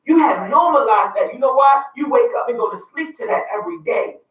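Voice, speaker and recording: A man's voice: very high voice, animated, fairly quick, fairly bright tone, reverberant, far from the mic, poor audio. A man with a Baltimore accent co-hosting a radio talk show, speaking passionately and building to emphatic points like a preacher. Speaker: radio show co-host and youth mentor.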